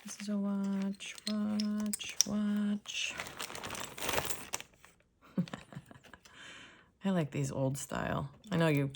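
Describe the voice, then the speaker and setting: Woman, low and gravelly; relaxed soft-spoken unboxing narration with occasional whispers. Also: moderate pace, few pauses, background noise. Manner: soft-spoken, drifting into whispers while examining items. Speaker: jewelry reseller.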